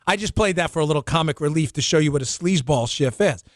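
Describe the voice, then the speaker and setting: A man from New York hosting a political talk show, sarcastic and animated, with quick asides. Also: a little high, dry recording, studio quality. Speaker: host.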